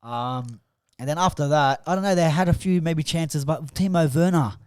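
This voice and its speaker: A man, co-hosting a casual football chat, who gets animated in bursts and trails off mid-sentence. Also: a little high, normal speed, background noise. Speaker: podcast co-host.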